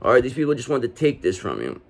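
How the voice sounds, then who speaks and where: A man's voice: medium pitch, huge pitch swings, quick pace, gravelly. A man reading tarot cards and speaking straight to the viewer in a reassuring way, ending many points with "okay?". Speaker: tarot reader.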